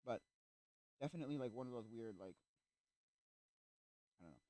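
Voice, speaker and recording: A male streamer in casual chat, rambling with restarts and acting out little quoted exchanges, sometimes breaking into loud rants. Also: mid-range voice, lively intonation, moderate pace, dry recording. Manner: gets loud and ranting.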